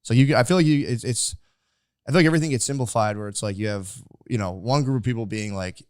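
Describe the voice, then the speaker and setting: A man in his thirties talks fast in loose podcast chat, stringing thoughts together with constant fillers. His voice sits on the low side. The sound is dry and close. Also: a little mellow, clean tone, no room sound. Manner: rambling, lots of "like" fillers, acts out quotes. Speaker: podcast co-host. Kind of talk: casual podcast conversation.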